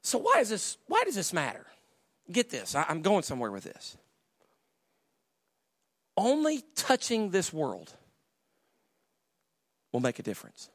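A man preaching as a pastor, telling humorous stories and loudly acting out the voices of people he quotes. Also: high voice, a little slow, pauses often, no room sound, studio quality. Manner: animated storyteller, acts out quoted voices loudly.

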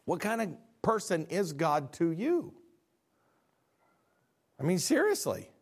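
A middle-aged man preaching a sermon as pastor, animated, acting out dialogues and swinging from quiet low lines to near shouts. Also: slow pace, slightly rough.

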